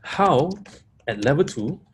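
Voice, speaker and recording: A man's voice: fairly high pitch, big pitch swings, slow, breathy edge. A man giving a webinar talk to coaches, repeating key points and stressing single words. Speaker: coaching trainer. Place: live audience room.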